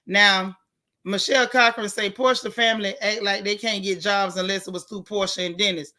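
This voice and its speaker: A woman hosting a casual live stream, reading viewer comments and giving outspoken, animated reactions in colloquial talk. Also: medium pitch, normal speed. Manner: outspoken, animated, colloquial, talks back to the chat.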